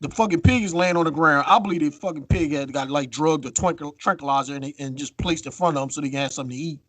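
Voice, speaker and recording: A man co-hosting a podcast in casual chat, telling a story with lively acted-out quotes and free swearing. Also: fairly high pitch, fast, no room sound. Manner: animated storytelling, acts out quotes, swears freely. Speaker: podcast co-host.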